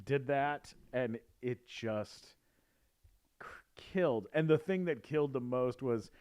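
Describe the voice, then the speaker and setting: A man chatting as a guest, rambling through a story full of fillers and restarts. His voice sits at an ordinary middle pitch. The delivery stays relaxed and conversational. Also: takes it slowly. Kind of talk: casual chat.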